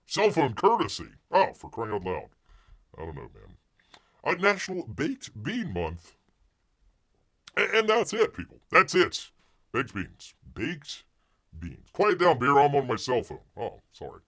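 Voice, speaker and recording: A man's voice: mid-range voice, wildly swooping pitch, unhurried, pauses often, pushed and bright. A man hosting a casual live stream who talks about himself in the third person and halts often with restarts. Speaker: live show host.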